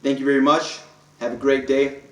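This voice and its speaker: In poor, roomy-sounding audio, a man of medium pitch reads a formal public proclamation to camera as a self-declared speaker. His delivery is flat and moderately paced, stressing clause after clause and stumbling from time to time.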